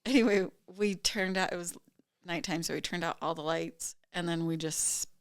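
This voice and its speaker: Lower-pitched woman, chatty podcast co-host. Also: fairly even intonation, normal speed, smooth, dry recording, studio quality. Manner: chatty, laughs often, chimes in. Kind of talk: casual chat.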